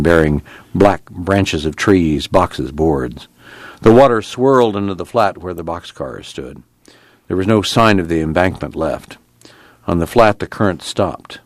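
A man with a lowish voice reads a novel aloud for a radio reading service, measured and even. Close, dry recording. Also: dry recording. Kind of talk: audiobook narration.

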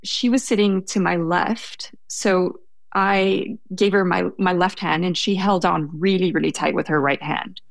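Young woman with a low, gravelly voice. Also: fairly even intonation, measured pace, no room sound. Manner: hesitant, self-correcting, laughs while telling. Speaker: guest telling a story. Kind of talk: conversational storytelling.

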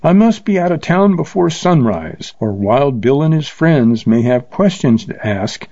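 A man voicing a cool, mocking young Texan rider who talks briskly. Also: medium pitch, expressive, dark tone, no echo, voice pushed up. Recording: slightly dull lo-fi recording.

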